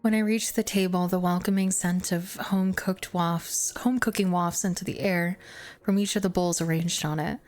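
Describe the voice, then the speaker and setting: A woman's voice: fairly low pitch, fairly even intonation, darkish tone, faint music behind. Woman streamer reading a game aloud. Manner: casual with quick asides. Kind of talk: reading a visual novel aloud.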